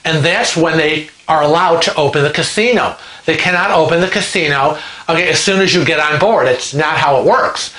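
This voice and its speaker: Animated man, storytelling, bright forceful voice, roomy echo. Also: a little high, moderate pace. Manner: animated, chatty, dramatizing. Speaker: vlog host. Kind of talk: casual storytelling.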